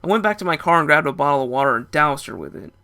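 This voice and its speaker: A man's voice: fairly high pitch, sing-song, racing, vocal fry, pushed and bright. A young man narrating a first-person story in a casual, rambling way.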